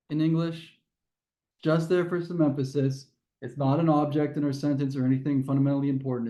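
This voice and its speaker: A man's voice: mid-range voice, warm tone. A man teaching a test prep grammar lesson to a class, explaining step by step and often restarting his phrases.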